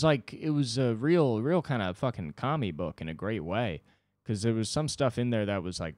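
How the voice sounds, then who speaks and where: A man's voice: lowish voice, dry recording. A man hosting a solo podcast, ranting casually and profanely at a microphone. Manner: casual, profane, rambling rant. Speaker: podcast host. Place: indoors, mowing heard outside.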